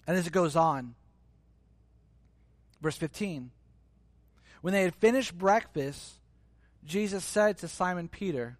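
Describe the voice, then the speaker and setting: A man's voice: high voice, lively intonation, takes it slowly, pauses often, dry recording. A male pastor preaching a sermon in a conversational, emphatic way, acting out little scenes as he goes.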